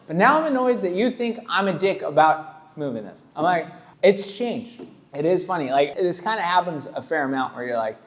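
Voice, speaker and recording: A man's voice: a little high, expressive, fairly quick. Rambling, blunt male tattoo artist. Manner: rambling, blunt, lots of "like" and "dude". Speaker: tattoo artist reacting to clips. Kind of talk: casual reaction commentary.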